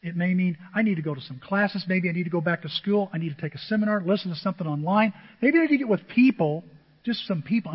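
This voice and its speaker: A pastor delivers a sermon to his congregation, his husky voice sitting slightly high for a man. He presses his points with repeated phrases and questions thrown out to the pews. The sound is dull and lo-fi, with a long reverb trailing through the church hall. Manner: preaching with rhetorical questions and repetition.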